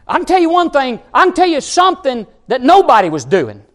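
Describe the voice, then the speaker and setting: A man preaching a sermon as pastor, joking with the congregation and building up to shouted passages. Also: very high-pitched, huge pitch swings, brisk.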